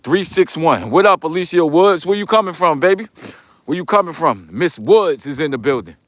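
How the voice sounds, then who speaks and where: A man's voice: on the high side, expressive, moderate pace, a bit bright, no room sound. A man with a New York accent hosting a casual livestream outdoors while walking, reading viewers' comments aloud in loose, slangy talk. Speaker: livestream vlogger. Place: outdoors on a snowy street, walking.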